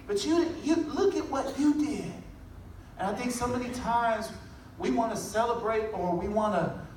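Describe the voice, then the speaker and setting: A man giving a motivational talk, telling a story with lively delivery and acting out the people in it. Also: very high voice, very echoey, recorded from a distance, slight background noise, rough recording. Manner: animated storytelling, acting out voices. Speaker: motivational speaker.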